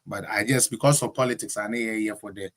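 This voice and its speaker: A man with a Ghanaian accent hosting a political live-stream show, rambling in casual chat and slipping into Jamaican patois for shout-outs. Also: lowish voice, fairly even intonation, fairly quick. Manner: rambling, code-switching.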